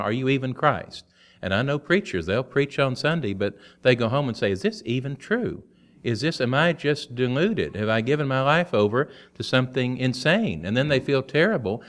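Folksy preacher man, slightly low voice. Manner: folksy, animated storytelling with quick asides. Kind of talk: sermon.

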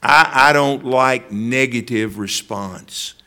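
A man's voice: medium pitch, takes it slowly, sharp tone. A man preaching a sermon, telling stories and addressing listeners by name.

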